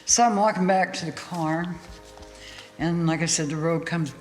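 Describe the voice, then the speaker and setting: A woman guest in an interview, telling a story in a lively way, laughing often and acting out what people said. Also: fairly low pitch, moderate pace. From United States. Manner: animated, laughing storyteller who acts out quotes. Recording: hall reverb with faint music.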